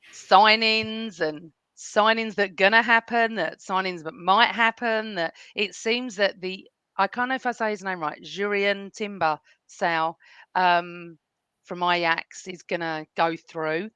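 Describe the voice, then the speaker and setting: A woman's voice: mid-range voice, steady tone, slow pace, pushed and bright, clean tone, no echo. A woman hosting a casual football fan chat, talking at length and often addressing her guests by name. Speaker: host.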